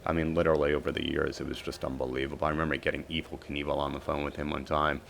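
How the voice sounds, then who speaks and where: Very deep, gravelly-voiced man telling stories. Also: racing, a little hiss or hum. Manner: lively storyteller who acts out quoted dialogue. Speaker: podcast guest. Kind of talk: storytelling interview.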